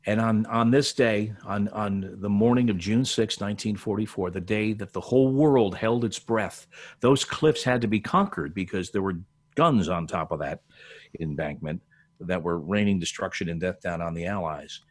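Older man, very low voice, rambling storyteller, podcast guest, frequent restarts. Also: moderate pace. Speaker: guest, veteran sports broadcaster. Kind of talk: casual podcast conversation, storytelling.

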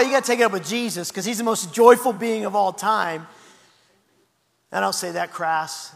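High-voiced pastor preaching in a hall. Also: male voice, normal speed, creaky. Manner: lively, anecdotal, frequent restarts. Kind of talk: sermon.

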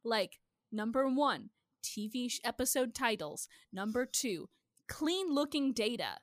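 A woman's voice: a little high, animated, measured pace, no echo, studio quality. A woman with a Midwestern accent, co-hosting a casual chat show and ranting passionately with plenty of swearing. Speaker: podcast co-host.

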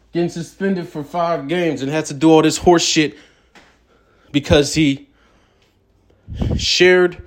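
A man hosting a ranting vlog segment, talking in a profane, drawling way while smoking. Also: fairly high pitch. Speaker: vlog host.

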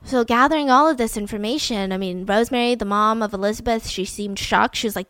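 A woman hosting a podcast tells a true-crime story in a loose, chatty way. Her voice sits fairly high, and she gets animated and openly indignant about what happened. The sound is dry and close. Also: fairly quick, hardly any pauses, no room sound. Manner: animated and indignant, heavy use of "like". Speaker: podcast host.

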